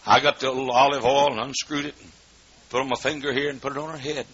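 A man preaching a sermon as pastor in a church, swinging between shouted fervor and hushed storytelling. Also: mid-range voice, level tone, fast talker, husky. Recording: dull lo-fi recording with faint noise.

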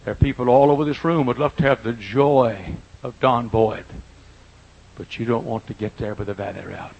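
Husky older preacher, quiet to booming. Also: male voice, fairly even intonation, muffled recording. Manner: folksy preaching, swings from quiet to loud and drawn-out. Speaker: pastor. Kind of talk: sermon. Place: church auditorium.

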